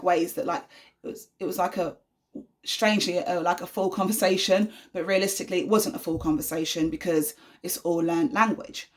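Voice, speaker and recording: A young woman, a mother, chatting casually to camera with lots of fillers and repeated "you know what I mean". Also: on the low side. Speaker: vlogger, mother of an autistic son.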